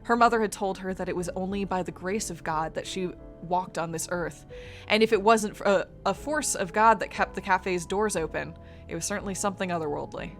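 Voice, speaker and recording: A woman's voice: fairly low pitch, brisk, faint music behind. A woman co-hosting a gaming stream, reading story narration aloud and chatting with easy laughs. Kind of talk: reading game narration aloud and casual chat.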